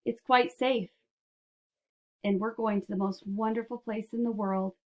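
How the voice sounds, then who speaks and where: A woman reading aloud and voicing an earnest, gentle young boy who tumbles over his words when excited. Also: mid-range voice, measured pace, lightly acted. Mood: soothing.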